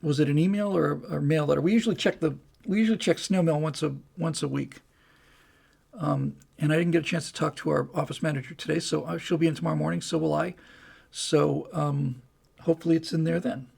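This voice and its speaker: Male livestream host, slightly high voice with heavy fry, rambling and chatty. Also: steady tone, brisk, darkish tone. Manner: rambling, chatty, with many restarts and fillers. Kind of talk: casual livestream Q&A.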